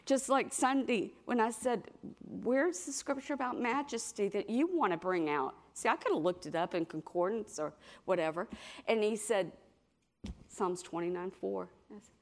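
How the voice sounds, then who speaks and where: Woman preaching an animated sermon. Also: mid-range voice, normal speed. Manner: animated storytelling, acts out quoted voices.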